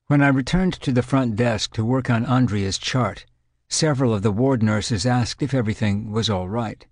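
A man reads an audiobook in a measured, clinical way, setting out events plainly. His voice sits at an ordinary middle pitch. The recording is close and dry. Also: no room sound. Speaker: narrator. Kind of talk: scripted audiobook narration.

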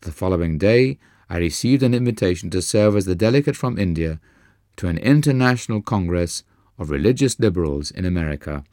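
A man narrating a memoir as an audiobook, with an earnest, measured reading. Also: low voice, lively intonation, darkish tone, dry recording, clean studio sound.

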